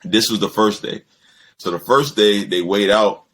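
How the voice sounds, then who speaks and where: A young man, co-host of a podcast, chatting casually and telling animated stories with lots of swearing. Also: fairly low pitch, unhurried. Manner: animated storyteller, mimics people in quotes, swears freely. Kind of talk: casual chat.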